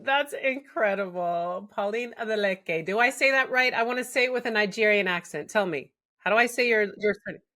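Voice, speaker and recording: A woman's voice: medium pitch, a little fast, few pauses. Playful woman podcast host. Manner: warm, playful, affectionate. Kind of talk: interview conversation.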